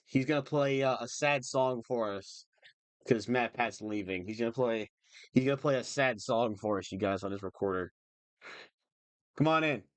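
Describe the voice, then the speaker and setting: A man's voice: mid-range voice, moderate pace, no room sound. A young man chatting on a livestream, emotional and rambling, restarting his sentences often. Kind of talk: casual livestream chat.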